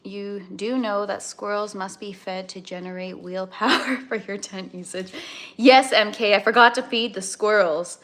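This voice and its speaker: A woman's voice: medium pitch, fairly even intonation, normal speed, a bit bright. Chatty woman hosting a cooking livestream. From Canada. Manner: chatty, rambling, greets viewers by name. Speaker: live-stream cooking host. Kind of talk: casual live-stream chat.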